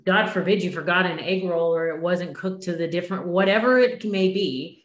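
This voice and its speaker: A woman's voice: on the low side, brisk, roomy sound. A woman in her fifties hosting a podcast, asking earnest questions and affirming her guest. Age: 50s. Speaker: podcast host. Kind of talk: interview conversation.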